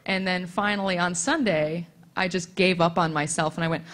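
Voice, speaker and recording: A woman on a convention panel telling a self-deprecating story in a chatty way, with quick asides. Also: fairly low pitch, steady tone, fairly bright tone. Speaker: comics artist on a convention panel.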